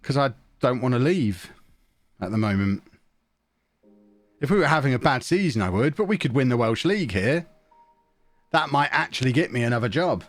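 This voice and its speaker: A man's voice: mid-range voice, animated, moderate pace, pauses often, dry recording, faint music behind. Chatty man streaming a game. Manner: chatty, rambling, talks straight to viewers. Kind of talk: casual live-stream chat while gaming. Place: small home office. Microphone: desk mic close to the mouth.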